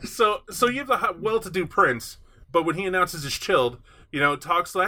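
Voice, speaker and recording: A man chatting casually on a podcast, animated and quick to slip into mocking voices. His voice sits a touch high and sounds bright and forceful. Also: a little hiss or hum. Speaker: podcast co-host discussing a tabletop game.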